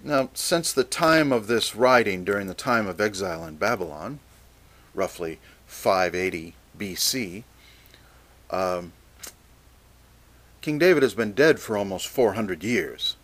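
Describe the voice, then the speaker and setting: Slow, low-voiced man teaching scripture. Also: expressive, fairly bright tone. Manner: measured, deliberate, reads scripture aloud. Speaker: preacher. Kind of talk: Bible teaching sermon.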